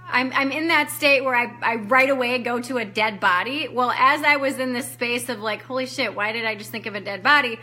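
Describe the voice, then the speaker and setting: A woman with a bright, forceful voice set a little high tells a raw personal story as part of a coaching training. She speaks candidly and with feeling, acting out what she said and thought back then and swearing freely. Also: brisk, few pauses. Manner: candid, emotional storytelling, acting out her own past lines, casual swearing. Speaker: life coach giving a training.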